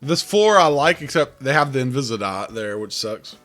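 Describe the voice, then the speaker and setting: A man chatting casually as he plays a game, with a rough morning voice, rambling and thinking aloud. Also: mid-range voice, big pitch swings, normal speed, a bit bright, soft background music. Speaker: game streamer. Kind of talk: casual gameplay commentary.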